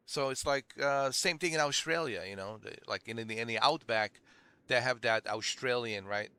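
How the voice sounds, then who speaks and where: Bright-voiced man rambling over gameplay. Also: medium pitch, smooth, no room sound. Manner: rambling, heavy "like" fillers, chatty. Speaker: gaming video creator. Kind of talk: casual gameplay commentary.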